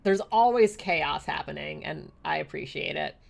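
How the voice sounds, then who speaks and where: A woman's voice: sits low, moderate pace, vocal fry. A woman live-streaming a game, chatty and casual, who squeals and swears when something surprises her. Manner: chatty and casual, laughs often.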